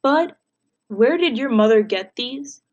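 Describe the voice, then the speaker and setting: A woman reading as a calm, firm older man. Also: fairly high pitch, takes it slowly, highs cut off. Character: calm, steady older male bandleader.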